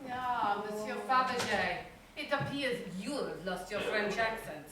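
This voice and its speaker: A woman's voice: mid-range voice, lively intonation, measured pace, a loud crowd, close to an everyday voice. A woman playing a scheming hotel maid with a clipped, formal way of speaking, on an amateur stage. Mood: cool. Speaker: stage actor in an amateur play. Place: theatre stage. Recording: echoey hall, far-off mic, noise.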